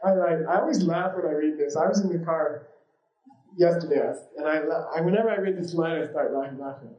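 A man's voice: a little high, brisk, a little mellow, muffled recording. Rambling, chuckling male teacher in an echoey room. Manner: rambling and informal, many fillers, laughs easily. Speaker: yoga and meditation teacher. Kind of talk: casual teaching talk with anecdotes. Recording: roomy echo.

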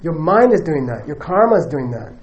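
Casting: man, high-pitched Buddhist teacher, chatty, checks in often, joking asides, muffled lo-fi recording with faint hiss. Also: sing-song, a little fast, darkish tone. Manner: conversational, keeps checking in with "okay?" and "you know". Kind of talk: dharma teaching to a live audience.

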